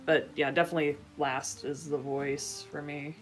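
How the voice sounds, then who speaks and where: A woman chatting on a podcast in a relaxed, rambling way, using lots of fillers. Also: low-pitched, normal speed, soft background music. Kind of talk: casual podcast chat.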